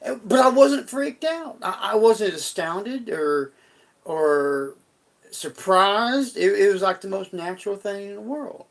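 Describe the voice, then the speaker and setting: A man's voice: high voice, expressive, slow, vocal fry. A middle-aged man on a live stream, telling a personal story in a folksy, rambling way with frequent restarts.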